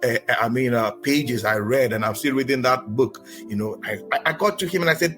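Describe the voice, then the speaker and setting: A man's voice: mid-range voice, fairly quick, few pauses, a bit bright, faint music behind. A man from Nigeria hosting a podcast, chatty, often repeating and restarting his words. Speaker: podcast host. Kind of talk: casual interview podcast.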